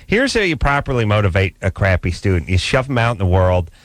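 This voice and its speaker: Male radio host, lowish voice, dry studio, sarcastic rants. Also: very animated, fast talker, dry recording. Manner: sarcastic ranting riffs. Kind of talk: comic radio banter.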